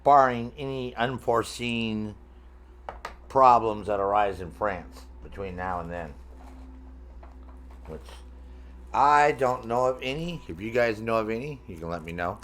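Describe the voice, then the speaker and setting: A middle-aged man with a low voice chats loosely while he plays a game on stream. He rambles from topic to topic, swearing freely and joking with his viewers. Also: lively intonation, a little slow, long pauses, fairly bright tone, slight background noise. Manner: rambling, profane, jokey, talks to chat. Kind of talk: casual gaming stream chat.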